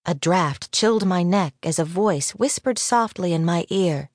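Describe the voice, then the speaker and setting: Woman narrator, low register, measured first-person read, dry studio mic. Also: lively intonation, no echo. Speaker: audiobook narrator. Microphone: studio microphone.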